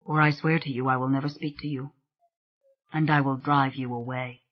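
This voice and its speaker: An audiobook reader voicing a frightened but defiant young woman who speaks in hushed, commanding tones. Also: medium pitch, fairly even intonation, moderate pace, muffled recording, pitched below the performer's own voice, natural voice.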